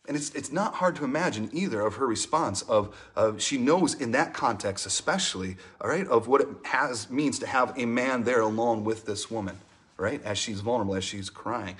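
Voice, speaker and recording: A man preaching a sermon in a conversational style. He often asks "right?" and swings between animated emphasis and soft, hushed passages. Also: medium pitch. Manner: conversational preaching, frequent "right?" asides and restarts. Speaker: pastor.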